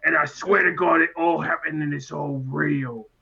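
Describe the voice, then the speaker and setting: A brash man boasts in character at a tabletop game, swearing freely as he spins his tale. His voice is somewhat high, gravelly and bright. The sound is dull and lo-fi. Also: fairly even intonation, moderate pace. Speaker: player.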